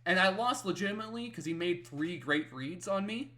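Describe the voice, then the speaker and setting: A man with a somewhat high voice shares a competitive gaming memory on a casual podcast. He pads his talk with fillers and keeps checking in with his listener. His energy rises into loud, excited bursts as the story peaks. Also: brisk. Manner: animated, builds to excited yelling when retelling wins; talks in fillers and repeated tag questions. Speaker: podcast co-host.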